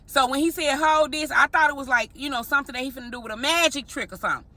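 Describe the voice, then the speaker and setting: A married woman telling an animated story straight to her viewers in a vlog, often calling them y'all. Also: high voice, very fast, dry recording. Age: adult, married. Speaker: vlogger.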